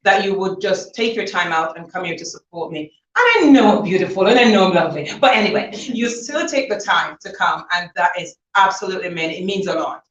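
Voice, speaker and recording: A woman's voice: mid-range voice, a little fast, few pauses, a little hiss or hum. Chatty woman thanking guests in echoey hall. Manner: chatty, laughing, animated storytelling. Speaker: author thanking guests at book launch. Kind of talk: informal thank-you speech at an event. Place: event hall. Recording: dull, roomy, from far off.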